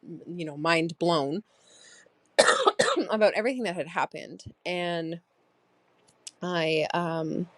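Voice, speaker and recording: A woman's voice: on the low side, animated, slow, long pauses, a bit bright, no echo. A woman in her thirties hosting a personal diary podcast, reflective and rambling with many fillers. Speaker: podcast host.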